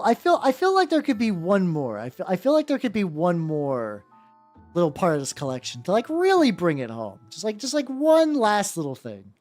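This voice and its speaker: A woman chatting casually on a live stream while painting miniatures, excitable and swearing freely, often repeating her words. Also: mid-range voice, fairly quick, soft background music.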